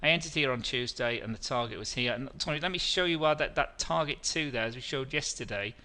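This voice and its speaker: Hosting a live trading webinar, a middle-aged man talks fast in a bright, forceful, mid-pitched voice. He rambles through charts, restarting phrases and fielding viewer questions along the way.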